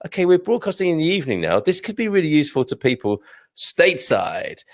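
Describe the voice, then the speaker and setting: A man's voice: a little high, big pitch swings, quick pace, no room sound, studio quality. A British man hosting a livestream, chatting casually and rambling as he reads out viewer comments, often chuckling at himself. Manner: rambling, chuckling, self-deprecating. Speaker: livestream host. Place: small studio.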